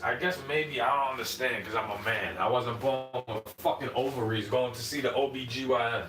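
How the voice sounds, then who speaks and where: A man's voice: medium pitch, pushed and bright, a little hiss or hum. A man ranting on a livestream, sarcastic and profane, mocking the people he argues with. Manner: mocking, mimics opponents. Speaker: livestream host. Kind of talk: unscripted rant. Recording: echoey room, far from mic, faint background ambience.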